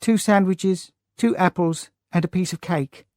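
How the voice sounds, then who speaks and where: Guy doing a shy polite little girl, pitched way up, keeps saying sir, dry close sound. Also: measured pace, a little mellow, no room sound. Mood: timid. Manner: meek, respectful, says "sir" often. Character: timid, polite poor young girl. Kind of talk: audiobook character voice.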